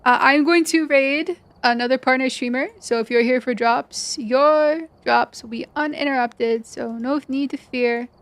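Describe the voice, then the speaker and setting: A woman live-streaming a video game, chatting with viewers and explaining mechanics, her voice cracking and going hoarse. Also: high voice, a little slow, few pauses, dry recording. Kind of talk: live gaming commentary.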